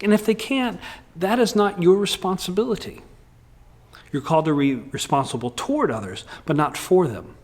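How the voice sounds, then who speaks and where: Candid, joking male pastor, slightly high voice. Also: moderate pace. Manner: candid and humorous, with lively swings in delivery. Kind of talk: sermon.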